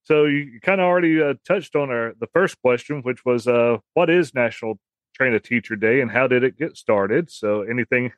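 A man hosts the interview in a plain, mid-pitched voice, recorded close and dry. He asks his questions haltingly, with short affirmations in between. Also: dry recording. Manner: brief backchannels, hesitant questions. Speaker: podcast host.

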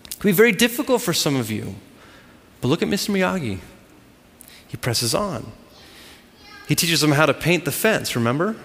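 A man's voice: a little high, very animated, normal speed, long pauses, in a large hall. A man preaching a sermon to a congregation, driving his points home with emphatic repeated phrases. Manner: emphatic, repetitive preaching cadence. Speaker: pastor.

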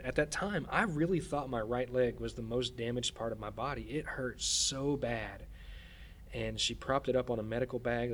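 A man of middle pitch tells a story as a podcast guest, halting often and circling back over his words. His telling is earnest and shaken. Faint ambience sits low behind him. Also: slight background noise. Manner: halting, repeats words and restarts while recounting. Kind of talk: casual storytelling.

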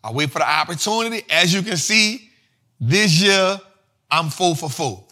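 A man's voice: high-pitched, normal speed. A man hosting an investing show, teaching finance terms in a casual, slangy way with lots of repetition. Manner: slangy, repetitive, animated explaining.

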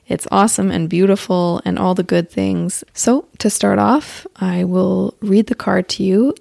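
Female host, easygoing monologue, fry in a lowish voice. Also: a little mellow, no echo, clean studio sound. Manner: chatty, laughs often, self-correcting. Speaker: podcast host. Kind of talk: casual spiritual monologue. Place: outdoors or near open window with birds.

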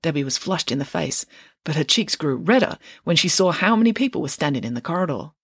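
A woman author reading her own children's book aloud in an expressive storyteller manner. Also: sits low, fast talker, husky, dry recording, clean studio sound. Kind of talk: audiobook narration.

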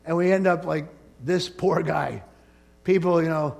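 A man preaching a sermon as pastor, conversational and animated, with frequent jokes. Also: fairly high pitch, measured pace, creaky.

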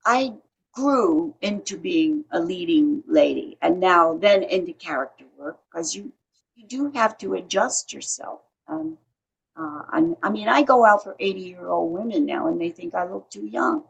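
A woman's voice: on the low side, lively intonation, a little slow, gravelly, lo-fi sound, slight background noise. A woman in her eighties, a veteran actress, chatting as an interview guest and telling stories with frequent restarts. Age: 80s. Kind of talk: casual interview chat.

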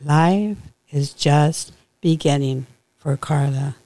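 A woman podcast host and author reading her own novel aloud in a slow, unhurried storytelling manner. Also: low voice, warm tone, dry recording.

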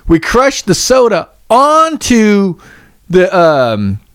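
A man's voice: sits high, wildly swooping pitch, slow, clean tone, dry recording, studio quality. Laid-back man telling a story. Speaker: podcast co-host. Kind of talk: casual chat, storytelling.

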